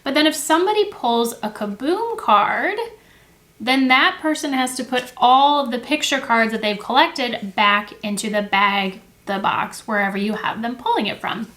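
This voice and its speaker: A young woman, a teacher and education video host, describes classroom activities to the camera in a pushed, bright, slightly high voice. Casual and friendly, she leans on fillers and corrects herself quickly. She's seated at an indoor table, close to the camera.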